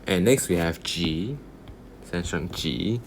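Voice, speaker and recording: A man's voice: low voice, lively intonation, takes it slowly, vocal fry, a little hiss or hum. A man teaching a casual online language lesson, patiently repeating words and counting strokes aloud.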